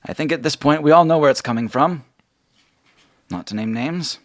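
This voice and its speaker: Earnest, pleading woman guild chief in a tabletop game; man doing the voice, lifted higher than his own. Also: moderate pace, close to an everyday voice. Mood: urgent.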